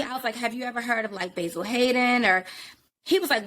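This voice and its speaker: A woman hosting a podcast, telling a casual and profane story in an animated way, jumping in and out of quoted voices. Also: a little high, fairly quick. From rural area. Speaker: podcast host.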